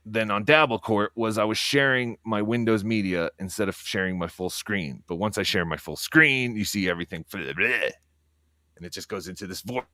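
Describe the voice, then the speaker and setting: Brief: low-pitched male streamer, profane and rambling, talking quietly at home at night, dry room. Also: dry recording. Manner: talking quietly so as not to wake others. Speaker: livestreamer. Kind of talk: casual livestream monologue.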